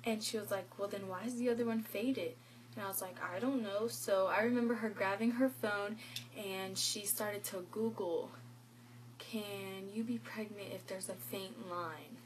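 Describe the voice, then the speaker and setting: With a measured pace and mid-range voice, a teen girl recounts a personal story as a vlogger. Quoted dialogue and frequent "like" fillers run through her animated retelling. The recording is rough, with slight background noise.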